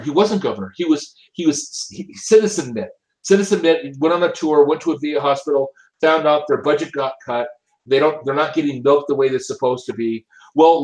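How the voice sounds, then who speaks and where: Emphatic man talking politics, slightly high. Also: darkish tone, low-quality recording. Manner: emphatic, repeats and restarts words. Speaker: political commentator. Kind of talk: opinionated casual talk.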